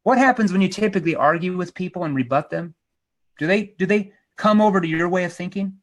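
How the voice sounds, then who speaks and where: Male sales trainer, slightly high voice, punchy and emphatic, seminar style. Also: quick pace. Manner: energetic, emphatic, acts out role-plays.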